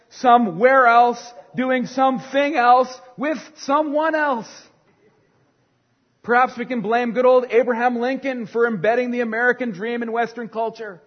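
A man in his forties preaching a sermon as pastor, with a dynamic delivery that swings from hushed to loud. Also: very high-pitched. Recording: long hall reverb, dull sound.

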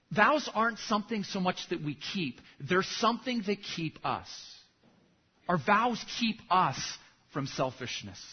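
A man's voice: fairly high pitch, breathy edge, dull audio. A man who is a pastor, preaching a sermon and telling a story with acted punchlines.

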